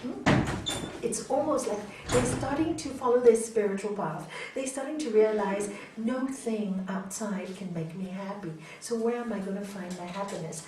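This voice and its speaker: A woman's voice: medium pitch, slight background noise. A woman teaching raja yoga to an audience, telling stories and acting out quoted voices, often checking in with a questioning "hmm?". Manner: animated storyteller, acts out quoted voices, frequent "hmm?" to listeners. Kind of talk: spiritual talk to an audience. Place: hall. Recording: echoey hall, voice from a distance.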